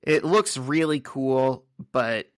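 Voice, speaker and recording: A man's voice: medium pitch, expressive, takes it slowly, no echo. Dry-voiced man recapping comics casually. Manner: crude, joking, recounts scenes in order. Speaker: podcast co-host.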